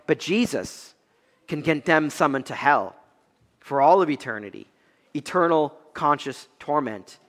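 A young man preaching an expository sermon, swinging between loud emphatic peaks and low quiet stretches. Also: animated, unhurried, long reverb tail. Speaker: pastor.

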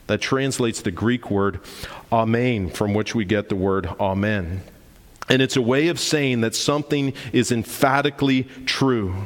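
Emphatic preacher man in a reverberant hall. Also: medium pitch. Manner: earnest, emphatic, deliberate, repeats lines for stress. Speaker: pastor. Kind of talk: sermon. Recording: long reverb of a large hall.

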